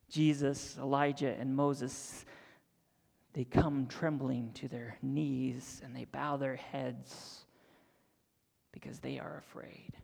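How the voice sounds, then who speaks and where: Young male preacher, high-pitched, dramatic and intimate delivery, recorded in a big hall with long reverb. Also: vocal fry. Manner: dramatic storytelling, dropping to near-whispers and rising to excited high voices. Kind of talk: sermon.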